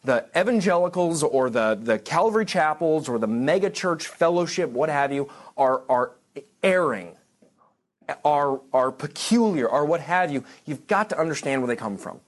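A man's voice: a little high, lively intonation, moderate pace. A man giving a church history lecture to a congregation class, conversational and digressive, with frequent restarts and dry asides.

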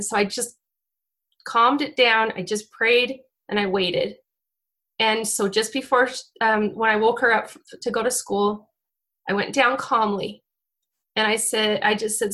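Her voice sits on the high side, fairly bright and fairly even in intonation, as this woman in roughly her forties delivers an unhurried devotional talk at church. Emotional and close to tears, she often begins sentences again.

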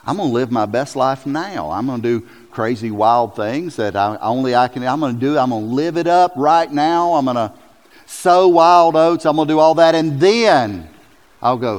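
Animated pastor in a reverberant hall. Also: male voice, medium pitch, moderate pace. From South Carolina. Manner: animated storytelling, jumps into loud acted quotes. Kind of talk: sermon.

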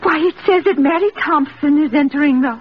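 Woman playing a high, fluttery old lady. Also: fairly quick, lightly acted. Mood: gentle. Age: older. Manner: breathless, fluttering exclamations. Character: timid, gentle elderly woman, easily upset. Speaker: elderly spinster sister. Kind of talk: 1940s radio acting. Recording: dull old radio broadcast with hiss.

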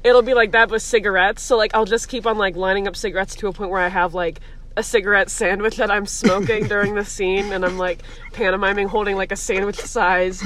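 A woman's voice: mid-range voice, steady tone, brisk, fairly bright tone, a little hiss or hum. A young woman, a comedian, chatting casually on a podcast, rambling with lots of "like" and frequent laughs. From Columbus, Ohio area. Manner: giggly, rambling, heavy use of "like". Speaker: guest comedian.

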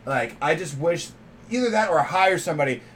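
A man's voice: fairly high pitch, animated, brisk, fairly bright tone, slight background noise. A man co-hosting a podcast in casual chat, making crude jokes and acting out quotes. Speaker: podcast co-host.

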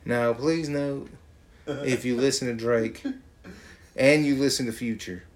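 A man from Georgia, talking in a profane, mocking, animated casual rant. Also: medium pitch, measured pace.

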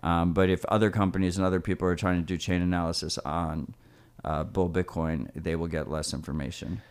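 Male podcast co-host, low voice, casual explainer, conversational. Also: little pitch movement, fairly quick, smooth. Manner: chatty, explains with "like" and "right?". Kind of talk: casual chat.

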